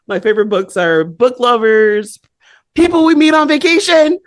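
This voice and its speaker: A woman co-hosting a podcast, telling a story in a lively, animated way and laughing often. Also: on the high side, moderate pace, dry recording, clean studio sound. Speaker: podcast co-host. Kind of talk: casual chat.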